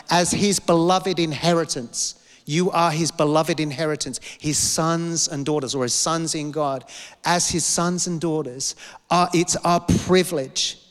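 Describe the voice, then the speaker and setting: A man's voice: fairly high pitch, long reverb tail. A man preaching a sermon with passion, repeating lines and asking rhetorical questions. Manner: impassioned, repetitive, rhetorical questions.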